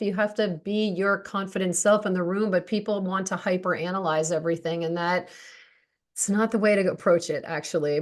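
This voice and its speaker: Woman host, engaged and affirming. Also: medium pitch. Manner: engaged, affirming, thinking aloud with restarts. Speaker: podcast host. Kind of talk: conversational interview.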